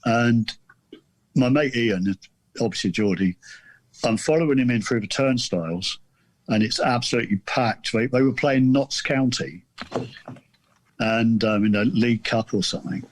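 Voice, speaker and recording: Appearing as a guest on a podcast, a middle-aged author from southern England spins a casual, rambling, self-deprecating story, restarting often. He speaks at medium pitch and moderate pace, pausing frequently. The recording has no echo.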